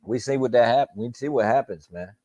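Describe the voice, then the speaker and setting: A medium-pitched man with a dark tone hosts a live boxing talk stream, speaking a little fast. He's casual and profane, full of slang and repetition. The stream audio is dull and lo-fi.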